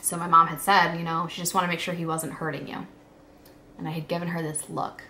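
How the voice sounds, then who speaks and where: A young woman vlogger telling a personal story in a halting, emotional way, with many fillers. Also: on the low side, flat delivery, pushed and bright, slight background noise.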